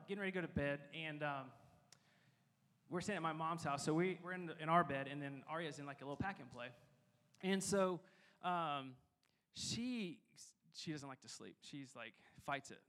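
A man's voice: fairly high pitch, a bit bright. A young man giving a sermon as a pastor, talking casually and rambling with lots of fillers.

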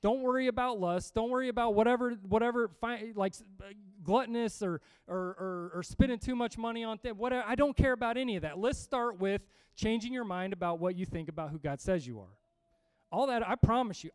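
A man preaching a sermon to a congregation, energetic and emphatic, reading scripture and often repeating himself. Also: sits high, brisk, clean tone, dry recording. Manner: energetic, emphatic, with restarts and humor.

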